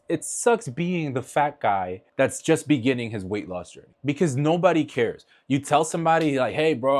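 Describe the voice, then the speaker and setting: A man's voice: fairly high pitch, a little mellow. A man talking bluntly and earnestly in a motivational vlog, swearing freely and speaking from the heart as he encourages his viewers. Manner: heartfelt, emotional. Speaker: fitness vlogger.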